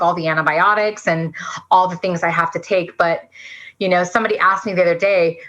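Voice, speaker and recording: A woman in her forties recounts her own story as a podcast guest, rushing along with earnest feeling and lots of "like". Her voice is bright and forceful. The recording sounds dull and lo-fi. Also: fairly low pitch. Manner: fast, earnest, says "like" a lot. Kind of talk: emotional storytelling.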